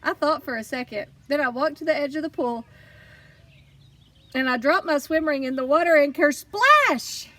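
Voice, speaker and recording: A woman narrating a children's audiobook in first person, lively and expressive. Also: sits high, moderate pace, far from the mic. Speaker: audiobook reader.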